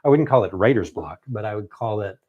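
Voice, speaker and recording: Animated halting man telling a story. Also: on the low side, breathy edge, narrow, tinny audio. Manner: animated, halting, many fillers and restarts. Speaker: novelist guest. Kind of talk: casual storytelling conversation.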